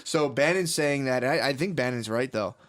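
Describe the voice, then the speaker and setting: A man's voice: medium pitch, brisk, fairly bright tone. Rambling, profane podcast co-host man. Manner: rambling, profane, laughs often, slips into mocking impressions. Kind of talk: casual comedic chat.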